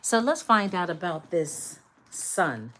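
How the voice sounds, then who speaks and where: A woman's voice: fairly low pitch, very animated, takes it slowly, a bit bright, a little hiss or hum. A woman doing a collective tarot reading, speaking emphatically and repetitively straight to her viewers. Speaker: tarot reader.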